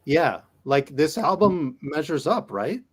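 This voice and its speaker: A man co-hosting a podcast in casual chat, excitable and animated. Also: a little high, slow, slightly rough. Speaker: podcast co-host.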